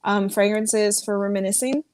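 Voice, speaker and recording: A woman's voice: mid-range voice, steady tone, moderate pace, a little mellow, dry recording. A woman from a small farming town in the United States, a guest on a casual video-call chat, rambling and giggly with lots of fillers. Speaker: guest fragrance reviewer.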